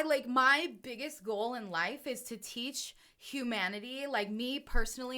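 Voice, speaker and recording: A woman's voice: fairly high pitch, moderate pace, few pauses, sharp tone. A woman co-hosting a spiritual podcast, talking earnestly and emotionally and often checking in with "right?". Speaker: podcast co-host and self-described channel.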